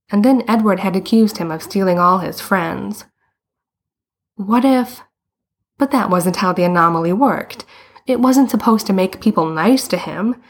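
A woman reading a story aloud as narrator, with a calm and steady delivery. Her pitch sits in the middle range, neither high nor low. She narrates without hurry. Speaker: audiobook reader.

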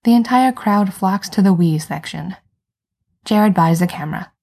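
A woman's voice: medium pitch, moderate pace, vocal fry, warm tone, slightly rough. A woman narrating fan fiction aloud in a wry, conversational way.

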